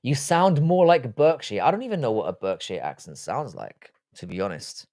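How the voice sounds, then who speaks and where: A man's voice: medium pitch, sing-song, normal speed, darkish tone, dry recording. A man with a London accent, hosting a live stream, reading viewer comments aloud and answering them bluntly with dry asides. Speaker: livestream host reading chat. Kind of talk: casual live chat.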